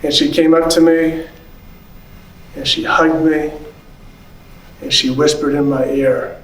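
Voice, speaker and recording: A pastor in his fifties tells his own story from the stage of a big conference hall. His voice sits high for a man and lively, and he slips into the voices of the people in his story. The sound is roomy and echoing, picked up from well away from the mic. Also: slow pace. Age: 50s. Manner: animated, acts out quoted voices, laughs. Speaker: pastor and church consultant. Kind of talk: personal storytelling speech. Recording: echoey hall, voice from a distance.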